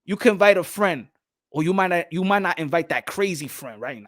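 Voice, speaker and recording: A man co-hosting a boxing podcast, talking in an animated, emphatic way and repeating himself. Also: high voice, a little fast. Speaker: podcast co-host. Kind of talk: casual boxing podcast chat.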